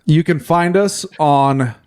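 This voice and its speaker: A man's voice: fairly high pitch, slow, darkish tone, clean tone, no echo. A man co-hosting a podcast in casual chat, dropping dry teasing asides. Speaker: podcast co-host.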